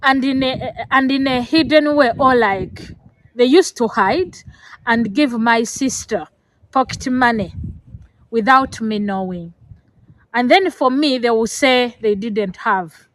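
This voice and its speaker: This vlogger, a middle-aged woman from Africa, delivers an earnest and emotional lecture on parenting to camera, near tears and full of fillers and restarts. Her voice is fairly high and fairly bright and slow-paced, recorded at low quality but without echo.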